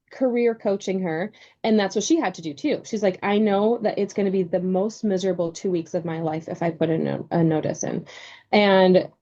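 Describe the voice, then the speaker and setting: A woman co-hosting a casual podcast chat, telling stories from her career coaching work with quick asides. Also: medium pitch, a little mellow, muffled recording. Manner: chatty storyteller, quick asides.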